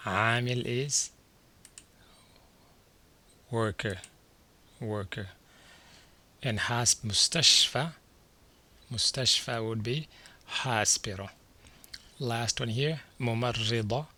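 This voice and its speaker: Male teacher, unhurried, repeats every word for beginners; crisp bright voice, keyboard clicks nearby. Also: medium pitch. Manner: slow, patient, repeats each word. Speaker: Arabic teacher. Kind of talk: slide-based language lesson.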